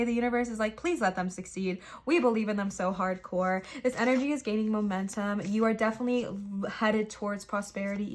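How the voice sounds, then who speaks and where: A woman's voice: medium pitch, slight background noise. A young woman giving a casual tarot reading to camera. She talks in an emphatic, reassuring, slangy way and addresses viewers as friends. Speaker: tarot reader.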